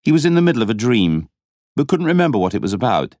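Man reading an audiobook, dramatic and expressive, lots of pitch movement, dry close mic. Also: quick pace, dry recording. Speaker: audiobook narrator. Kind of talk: scripted narration.

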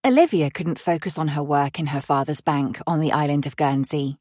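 In a studio-quality recording with no room sound, a low-voiced woman reads a novel aloud, keeping her audiobook storytelling steady and measured throughout the scripted narration.

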